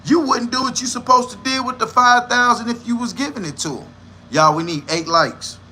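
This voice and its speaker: A man's voice: very high voice, a little fast, pushed and bright, faint music behind. A man hosting a livestream, giving blunt, profane and scornful reaction commentary. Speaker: livestream host.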